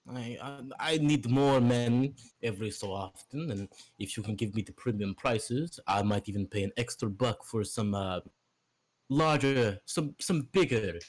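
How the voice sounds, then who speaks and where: A man speaking in character as a player in a tabletop game, bargaining in a plain, deliberate way. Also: medium pitch.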